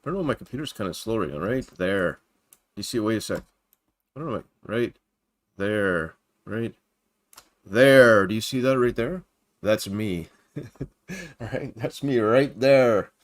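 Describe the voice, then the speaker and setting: A man's voice: on the low side, expressive, measured pace, pauses often. A man hosting a casual Christian livestream from home at his computer. He rambles as he reads news off the screen and greets viewers by name. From Canada.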